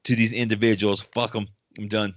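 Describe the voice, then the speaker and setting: A man's voice: on the low side, level tone, fairly quick, dry recording. Blunt, profane man on a podcast. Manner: blunt, profane, acts out the customers he describes. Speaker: podcast co-host. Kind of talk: casual chat.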